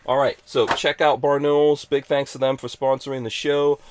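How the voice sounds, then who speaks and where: A man's voice: mid-range voice, little pitch movement, moderate pace, slight background noise. A man hosting a live podcast stream, chatting casually in an upbeat, joking, rambling way. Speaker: podcast host.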